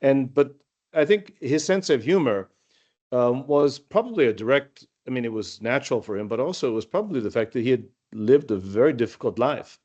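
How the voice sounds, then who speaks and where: A man's voice: medium pitch, animated, a little fast, darkish tone, lo-fi sound. A man, a former student, telling rambling anecdotes with lots of restarts over a video call. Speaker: former student sharing memories. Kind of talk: casual storytelling.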